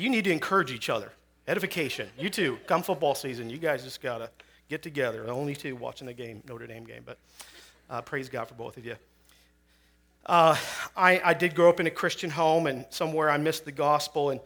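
A Chicago man in his forties preaches as a guest speaker, sharing personal testimony in a conversational style with joking asides and plenty of fillers. His voice is mid-range with a fairly bright tone.

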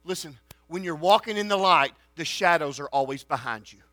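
A man preaching a sermon, swinging between loud declarations and hushed storytelling. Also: on the high side, fairly quick, no echo. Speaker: pastor.

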